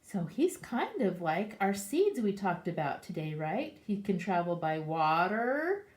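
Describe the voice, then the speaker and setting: A woman as a preschool teacher reading a picture book to young children and asking them questions, in an animated way. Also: lowish voice, a little slow. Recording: echoey room.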